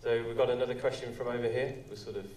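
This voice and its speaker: A man moderating a live audience Q&A, brisk and chatty as he takes questions. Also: medium pitch, fairly even intonation, a little mellow. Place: cinema auditorium. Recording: roomy hall with clicks and background noise.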